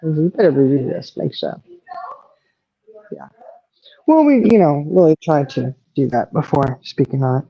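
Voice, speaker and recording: Woman, low dark voice, soft-spoken teasing co-host, dull dry live-stream audio. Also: animated, normal speed, pauses often. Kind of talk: casual live-stream chat.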